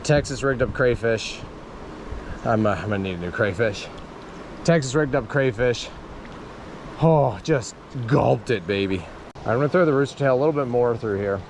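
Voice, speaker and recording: A man fishing on a river, giving excited commentary to the camera and exclaiming over and over. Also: mid-range voice, moderate pace, long pauses, slight background noise. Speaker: fishing vlogger. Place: outdoors by a river.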